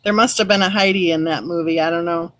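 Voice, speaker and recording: A woman's voice: fairly low pitch, steady tone, quick pace, dry recording, low-quality recording. A middle-aged woman hosting a live stream, reading viewer comments aloud and replying to them by name. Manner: chatty, reads viewer comments aloud and replies warmly by name. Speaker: true crime channel host reading live chat. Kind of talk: casual live-stream chat.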